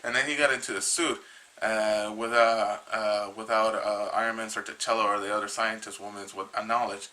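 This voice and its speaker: A man casually retelling a comic book's story, rambling and halting with many restarts, a little tired. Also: lowish voice, steady tone, pushed and bright, poor audio. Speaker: comic book reviewer.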